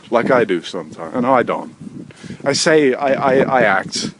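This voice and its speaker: Guy in his 30s doing a solo podcast rant, swears a lot, mumbles then suddenly yells. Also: mid-range voice, expressive, measured pace, slight background noise. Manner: profane, erratic, swings between mutters and loud outbursts. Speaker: podcast host. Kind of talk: rambling solo podcast monologue. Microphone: desk microphone.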